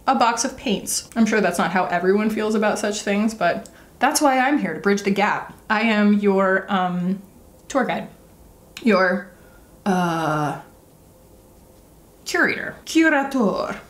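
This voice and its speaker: A woman's voice: medium pitch, a little slow. Chatty woman vlogger in an echoey room. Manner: chatty, rambling, many fillers. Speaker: beauty vlogger. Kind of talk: casual makeup tutorial chat.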